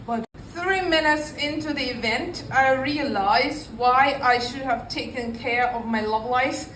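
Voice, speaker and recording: A woman's voice: sits high, fairly bright tone, slight background noise. Female stand-up comic, 40s, Russian accent, dry pacing; recorded in a roomy space off-mic. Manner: dry, unhurried delivery with pauses. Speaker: stand-up comedian. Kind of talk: stand-up set. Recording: echoey room, voice a bit far from the mic.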